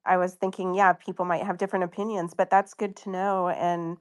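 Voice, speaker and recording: A woman's voice: fairly low pitch, level tone, fairly quick, clear, resonant tone. A woman guest in a casual podcast chat, speaking thoughtfully and hesitantly, with many fillers. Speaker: guest, author.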